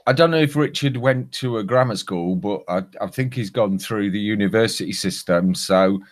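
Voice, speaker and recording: An older man with a lowish voice, from Lincolnshire, talking casually on a podcast. He wanders through his stories, restarting sentences as he goes. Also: normal speed. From Lincolnshire, England. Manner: chatty, rambling storyteller with many restarts. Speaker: former podcast host, guest. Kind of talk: casual chat.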